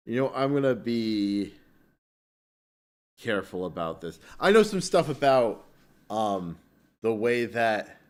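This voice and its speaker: Low-voiced man in meandering chat. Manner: meandering, hedging, many fillers. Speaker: podcast co-host. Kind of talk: casual chat.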